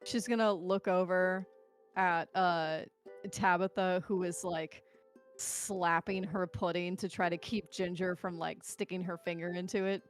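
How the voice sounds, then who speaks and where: A woman's voice: fairly low pitch, fairly even intonation, a little slow, faint music behind. A woman playing a mother in a tabletop role-play, laughing often and drifting in and out of a put-on accent. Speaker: player.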